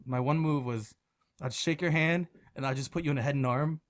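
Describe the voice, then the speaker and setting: A man from Michigan, a podcast guest telling stories in casual chat, animated and quick to laugh, often restarting his sentences. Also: medium pitch. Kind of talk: casual storytelling.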